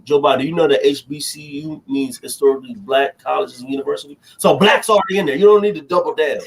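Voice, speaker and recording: A man's voice: fairly high pitch, lively intonation, fast talker, creaky, few pauses, slight background noise. A young man co-hosting a podcast, ranting animatedly through heated political banter and cutting in with "hold on". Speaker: podcast co-host.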